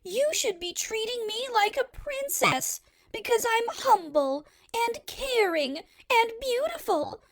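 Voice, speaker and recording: Spoiled princess, squeaky high voice, raspy fry, slow drawn-out whining, storybook. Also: female voice, sing-song, sharp tone, no echo, heavily acted. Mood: tearful. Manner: shrill and indignant. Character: whiny spoiled young princess, self-pitying. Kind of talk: audiobook character acting.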